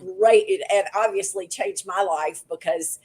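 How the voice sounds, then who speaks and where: A woman's voice: medium pitch, measured pace, slightly rough. A woman, a guest author telling stories expressively in a podcast chat. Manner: expressive storyteller, acts out quotes. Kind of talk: casual podcast conversation.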